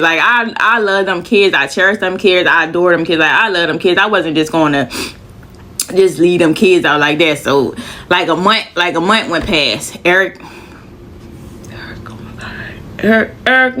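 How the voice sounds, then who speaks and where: A storyteller vlogger tells a long personal story in casual, profane speech, out of breath and repeating lines for emphasis. Her voice is mid-range and a bit bright.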